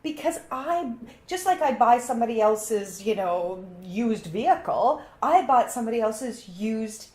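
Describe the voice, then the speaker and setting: A woman from Canada hosting an interview, chatting and telling quick personal anecdotes. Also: a little high, lively intonation, a little mellow. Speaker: host. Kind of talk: conversational interview. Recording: echoey room.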